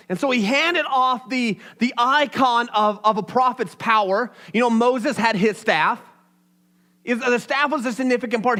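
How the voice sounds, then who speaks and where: A young man, a pastor, preaching in a conversational, animated way. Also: very high-pitched, moderate pace. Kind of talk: sermon.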